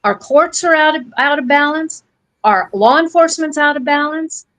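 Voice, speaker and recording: High-voiced blunt American woman storyteller. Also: moderate pace, fairly bright tone, no room sound, low-quality recording. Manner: blunt, folksy, acts out quoted voices. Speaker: podcast co-host. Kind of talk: casual storytelling chat.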